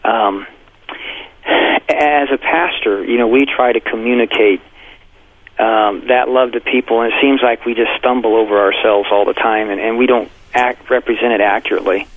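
Heard with no room sound through tinny, phone-style broadcast audio, a male pastor and author relates a personal story in an interview. His medium-pitched voice moves at normal speed, and he animatedly acts out quotes in a raised voice.

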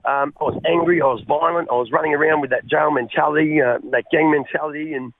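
An Australian man telling his life story as a radio guest, halting and repeating words as he speaks. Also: on the high side, steady tone, gravelly. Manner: halting, repeats words, calls the host mate. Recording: tinny phone line.

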